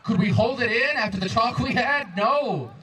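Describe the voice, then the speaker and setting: A man in his twenties doing a stand-up comedy set, telling stories with exasperated, animated crowd banter. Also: extremely high pitch, normal speed, far from the mic, low-quality recording. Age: 20s. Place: comedy club stage before a crowd. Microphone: handheld stage microphone.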